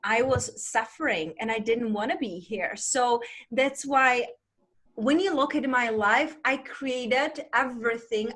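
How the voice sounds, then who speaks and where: A woman life coach as interview guest, speaking reflectively with slow, soft pauses. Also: a little high. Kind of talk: conversational interview.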